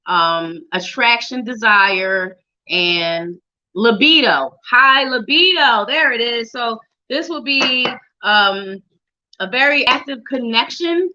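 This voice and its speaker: A psychic reader on a live show gives tarot readings in a fairly high, sharp-toned voice, taking her time. She's chatty and playful, addresses viewers by name, and hums or sings little tunes while shuffling, all on dull lo-fi livestream audio.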